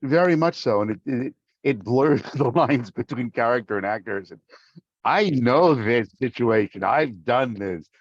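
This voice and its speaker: Middle-aged guy voice actor, animated storyteller, kinda dull dry lo-fi mic. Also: mid-range voice, measured pace, no room sound. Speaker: voice actor, guest. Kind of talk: casual interview talk.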